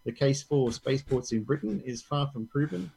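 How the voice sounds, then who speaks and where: A man's voice: medium pitch, lively intonation, normal speed, vocal fry, darkish tone, a little hiss or hum, poor audio. A man co-hosting a casual tech news podcast, reading articles aloud and joking with his co-host.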